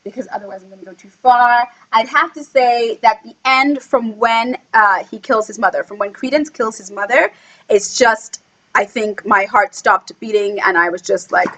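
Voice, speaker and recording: A woman chatting casually in a film review vlog, gushing and excitable, full of "like" fillers, acting out quotes with sudden squeals. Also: normal speed, poor audio. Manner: acts out quotes with sudden high squeals and whispers. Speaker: book blogger reviewing a film. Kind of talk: casual chat.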